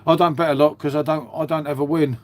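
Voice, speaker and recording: Talking fast in a slightly high voice with a steady tone, a middle-aged livestream host chats casually and answers his viewers. He calls them mate, peppering his friendly chatter with "mate" and "um".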